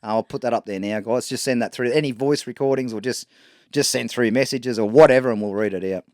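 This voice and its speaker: A man's voice: mid-range voice, quick pace, a little mellow, dry recording, clean studio sound. A man co-hosting a podcast in casual, joking chat with a crude sense of humour. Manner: joking, crude, reads out jokes from listeners. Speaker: podcast co-host.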